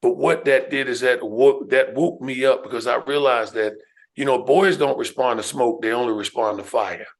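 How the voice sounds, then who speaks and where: Animated middle-aged storyteller man. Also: medium pitch, normal speed, gravelly. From New York, USA. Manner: emphatic, animated storyteller who addresses the listener with "man" and "right?". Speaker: guest, educator and speaker. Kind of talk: personal storytelling on a podcast.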